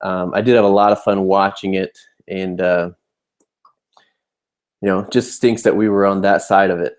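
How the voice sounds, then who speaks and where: A man's voice: sits low, steady tone, moderate pace. A young adult man, a sports fan vlogger, rambling through a fired-up game recap with many fillers and restarts. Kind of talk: casual game recap rant.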